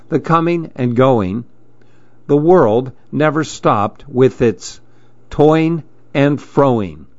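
A man reads a rhyming storybook aloud, expressive and rhythmic. His pitch rises and falls in a lively way and he takes his time. The recording is dry and a little dull, lo-fi. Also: no echo.

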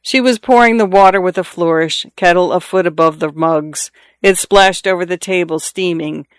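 A man narrating a novel as an audiobook in a measured, expressive way. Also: sits high, clean tone, dry recording.

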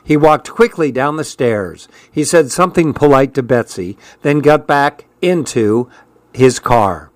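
A man narrating a story aloud in a steady, even reading voice. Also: mid-range voice, a little slow, no room sound. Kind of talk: audiobook narration.

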